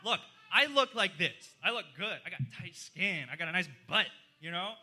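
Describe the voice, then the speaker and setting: A male stand-up comic working a live club crowd, chatty and self-mocking as he talks with the room. His voice sits high and rings with a sharp, very bright edge. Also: lively intonation, moderate pace. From outside the US. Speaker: stand-up comedian. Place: live comedy night in a social club.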